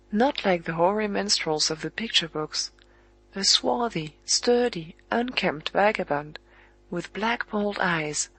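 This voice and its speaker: An audiobook narrator reading a literary story in a measured, evenly paced way with pauses at the commas. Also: medium pitch, a bit bright, no echo, rough recording.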